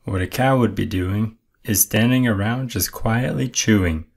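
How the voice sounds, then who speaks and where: Placid cow, read by a man: unhurried, plain and steady. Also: fairly low pitch, creaky. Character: placid cud-chewing farm cow.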